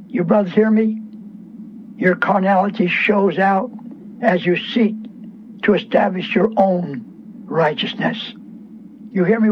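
A man preaching a radio sermon, fervent and scolding, repeating phrases for emphasis. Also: high-pitched. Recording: muffled radio broadcast with faint hiss.

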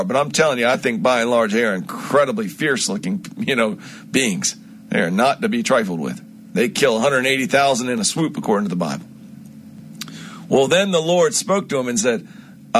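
With a mid-range voice and slight background noise, a man streams an informal Bible teaching. He tells the story animatedly and emphatically, frequently restarting and adding asides.

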